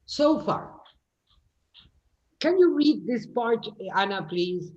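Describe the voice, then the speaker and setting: A woman's voice: fairly high pitch, sing-song, takes it slowly, a little mellow. A woman with a British English accent teaching a phonetics class online, explaining and correcting students. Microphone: video call. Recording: dull lo-fi video call audio.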